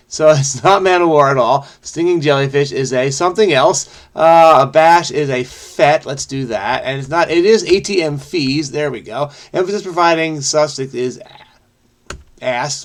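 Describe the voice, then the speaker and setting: Guy muttering through a crossword, keeps asking himself stuff, voice a bit on the high side. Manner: rambling, self-questioning, frequent "I don't know". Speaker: crossword solving video host. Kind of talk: casual think-aloud puzzle solving.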